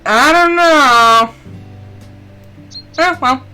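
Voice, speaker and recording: A woman streaming a game, chatting casually and rambling off on tangents in an expressive way. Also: high-pitched, very slow, soft background music. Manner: animated and expressive. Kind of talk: casual gameplay chat.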